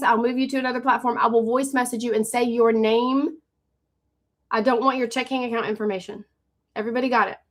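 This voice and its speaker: Brisk bright-voiced woman pitching live. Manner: urgent, pushy, repeats herself, calls out viewers by name. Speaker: livestream host selling online courses. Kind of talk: fast sales pitch on a live stream. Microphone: phone on a live stream.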